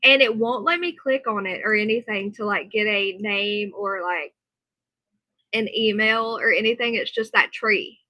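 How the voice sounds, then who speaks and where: A woman live streaming from her computer, reading a news report aloud and chatting with viewers in animated asides. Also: mid-range voice, a little slow, no echo, poor audio. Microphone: computer mic, earbud in for monitoring.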